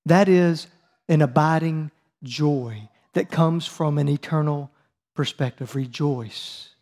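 A man's voice: a little high, slow pace, darkish tone. A man preaching a teaching sermon, reading scripture and calling on his listeners to answer aloud. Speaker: preacher leading a Bible study.

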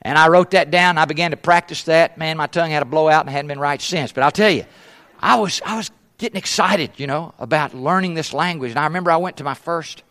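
A middle-aged man preaches with a slightly high voice. He tells a humorous story from the pulpit and switches voices for the people he quotes. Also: quick pace, pushed and bright. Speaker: pastor, former missionary. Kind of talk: sermon with storytelling.

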